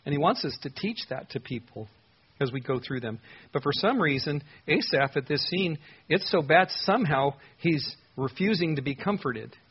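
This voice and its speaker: Husky-voiced man preaching conversationally. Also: a little high, normal speed, lo-fi sound. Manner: conversational, frequent "uh" fillers, animated emphasis. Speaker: pastor. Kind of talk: expository sermon.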